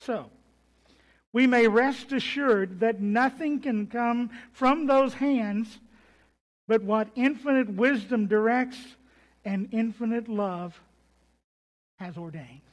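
A man preaches a sermon in a strikingly high voice, taking his time over every phrase. He leans on key words, then lets his lines sink to soft, low endings. A long reverb from the church sanctuary hangs behind him. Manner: deliberate, emphatic, trailing off to soft low endings. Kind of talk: expository sermon.

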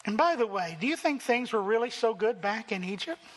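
A man preaching a sermon, lively, acting out the quoted complaints in voices. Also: high-pitched, fairly quick, in a large hall. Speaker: pastor.

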